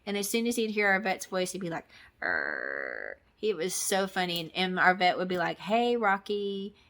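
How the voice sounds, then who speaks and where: A woman's voice: lowish voice, steady tone, fast talker, fairly bright tone. A middle-aged woman from Texas chatting casually to camera in a crafting vlog, rambling with many ums and restarts. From Texas, USA. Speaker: crafting vlogger.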